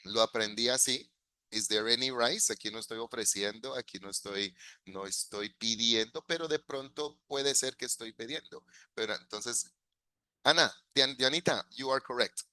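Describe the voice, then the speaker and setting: A man who grew up in the United States, teaching an online English class, switching into Spanish, laughing often and modeling phrases slowly. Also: medium pitch, bright, forceful tone, no room sound.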